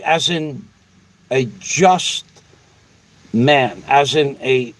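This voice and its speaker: A man's voice: mid-range voice, drawn-out words, slight background noise, rough recording. A man hosting a casual livestream, reading viewer comments in a blunt, profane, rambling way. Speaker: livestream host.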